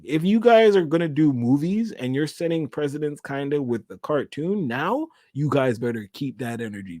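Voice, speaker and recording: A young man hosting his own channel, giving a casual, excitable episode recap that rambles, repeats words and uses lots of slang. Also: mid-range voice, no echo, clean studio sound. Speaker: channel host.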